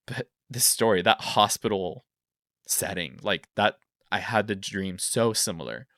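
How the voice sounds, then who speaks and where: A man's voice: fairly low pitch, takes it slowly, pauses often, fairly bright tone, no echo, studio quality. A man hosting a podcast, telling a story in a rambling way full of fillers, and reading out listener stories. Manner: rambling, filler-heavy, openly emotional. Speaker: podcast host.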